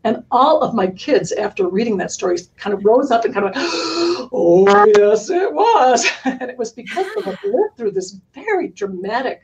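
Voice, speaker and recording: A middle-aged woman talking earnestly about books as a podcast guest, animated and laughing often. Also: a little high, brisk, hardly any pauses, poor audio. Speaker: curriculum company founder, guest. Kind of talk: conversational interview.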